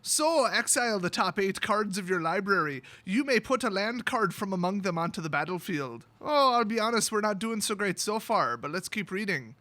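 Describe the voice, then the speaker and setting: A man's voice: high-pitched, lively intonation, moderate pace, hardly any pauses, bright, forceful tone, dry recording. A man hosting a card spoiler review in a joking, exaggerated put-on Irish accent. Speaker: channel host.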